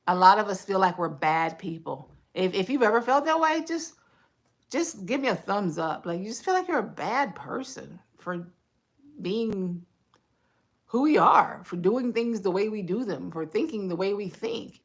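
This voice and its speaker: A woman's voice: medium pitch, lively intonation, moderate pace. A woman hosting a casual home livestream, talking through her thoughts in a reflective, conversational way with frequent fillers. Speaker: livestream host.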